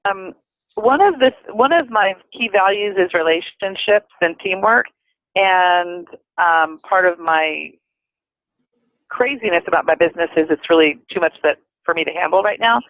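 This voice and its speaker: A woman's voice: fairly low pitch, dry recording. Reflective woman on a tinny phone line. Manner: unhurried, reflective, many fillers. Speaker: caller on a group call. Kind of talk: casual sharing on a call.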